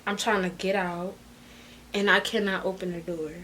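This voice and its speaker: A young woman telling a personal story in a casual storytime, animated and slangy, jumping between loud outbursts and low asides. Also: moderate pace. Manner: slangy and expressive.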